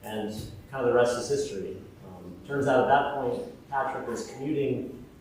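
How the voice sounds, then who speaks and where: A man's voice: medium pitch, moderate pace, a little mellow, a little hiss or hum. Man giving a eulogy in an echoey hall. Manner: hesitant and fond, with many fillers. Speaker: eulogy speaker. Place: large funeral hall. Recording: echoey hall, mic far off.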